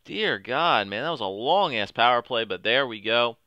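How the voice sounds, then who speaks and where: A young man giving excitable commentary over a hockey video game, cheering on his team. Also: mid-range voice, moderate pace, few pauses, clean tone, no echo. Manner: excitable, talks to the players on screen. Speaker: gaming commentator.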